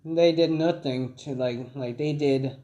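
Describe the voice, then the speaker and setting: A man voicing a cold, aloof teenage boy hero in a fan-made audio story, speaking in a flat, dismissive way. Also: medium pitch, a little slow, highs cut off, close to an everyday voice.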